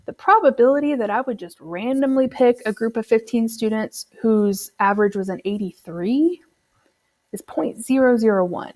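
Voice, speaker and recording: A woman's voice: medium pitch, normal speed, darkish tone. Patient woman teaching a statistics lesson. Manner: patient, explanatory, uses fillers like um. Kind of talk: recorded classroom lesson.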